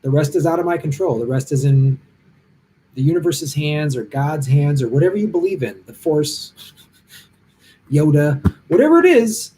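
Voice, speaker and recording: Middle-aged comedian ranting blunt and fired up, slightly high voice, faint hum behind. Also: male voice, moderate pace, mellow. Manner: impassioned, blunt, rambling. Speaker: stand-up comic hosting a live Q&A stream. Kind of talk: casual chat answering viewer comments. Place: hotel room.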